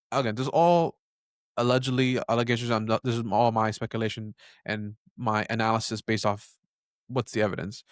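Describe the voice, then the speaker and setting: A man's voice: medium pitch, no echo, clean studio sound. A man hosting a reaction commentary video, talking in a casual, opinionated way and often breaking off to remark on the clips. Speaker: commentary host.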